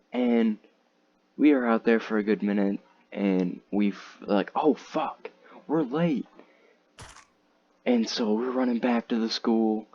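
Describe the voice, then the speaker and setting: Teen boy, deep and slow, casual profane storyteller, muffled lo-fi recording. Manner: rambling, profane, frequent "like" and "dude". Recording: slightly dull lo-fi audio, faint noise.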